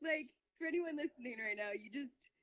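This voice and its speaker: A woman's voice: high voice, fairly quick, a bit bright. A woman chatting casually on a phone live stream, reading out fan questions, giggly and full of "like". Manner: giggly, lots of "like".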